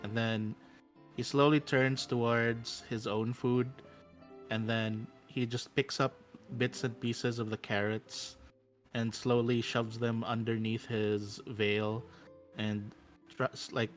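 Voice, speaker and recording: A man playing in a tabletop game hesitantly describes his character's actions, with many fillers. His voice is of middling pitch, and faint guitar music plays behind him. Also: flat delivery, slow. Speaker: player.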